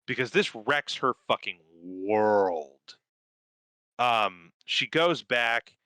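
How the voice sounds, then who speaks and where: A man's voice: mid-range voice, expressive, extremely slow, bright, forceful tone, clean tone, dry recording, poor audio. A man in casual podcast chat, recapping a cartoon in a profane, rambling, enthusiastic way. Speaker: podcast co-host.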